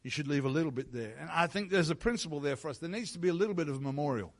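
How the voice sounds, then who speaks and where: A man giving a sermon as pastor in a church, moving from quiet reflective teaching into loud, fervent prayer. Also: a little high, expressive, very fast. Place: church sanctuary. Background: soft instrumental music.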